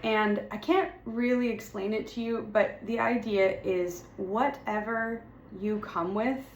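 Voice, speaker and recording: A woman's voice: a little high, steady tone, a little slow, slight background noise. A woman speaking as a spiritual content creator, giving impassioned encouragement to her viewers in a fervent, repetitive way with emphatic declarations. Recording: roomy echo with faint ambience.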